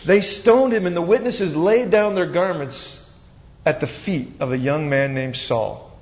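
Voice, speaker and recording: A man preaching a sermon as pastor, retelling the scene with animated, dramatic storytelling. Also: a little high, measured pace. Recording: dull sound with long reverb.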